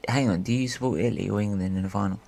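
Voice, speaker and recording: A man's voice: on the low side, rapid-fire, vocal fry, a loud crowd. A man hosting a live football stream, chatting casually and winding up his co-hosts with playful teasing. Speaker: stream host. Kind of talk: casual football fan banter.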